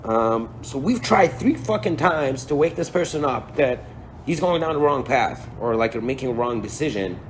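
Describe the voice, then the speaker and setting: A man tells a spiritual story in a loose, slangy lecture and drops swear words and chuckles along the way. His voice sits at an everyday pitch. A faint hiss lies under the recording. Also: animated, moderate pace. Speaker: spiritual speaker.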